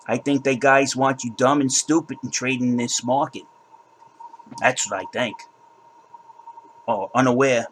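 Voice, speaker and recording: Angry man vlogging, mid-pitched, restarts lines, faint room noise behind. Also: low-quality recording. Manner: agitated, repeats and restarts words. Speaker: crypto channel host. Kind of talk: heated casual rant to camera.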